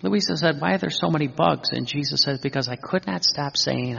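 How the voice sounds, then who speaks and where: A man's voice: a little high, brisk, creaky, bright, forceful tone, husky, long reverb tail, dull audio. A man teaching in an earnest sermon style, repeating phrases and quoting scripture. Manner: earnest, repetitive, quotes scripture. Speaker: religious teacher.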